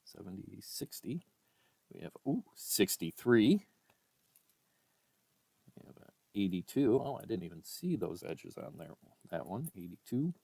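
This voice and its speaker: A man vlogging a coin roll hunt, reading out dates one by one in a casual murmur and breaking into excited exclamations. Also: lowish voice, measured pace, gravelly, long pauses, husky, no room sound. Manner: reads dates aloud one by one, often quietly, with excited exclamations. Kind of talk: casual commentary while sorting coins.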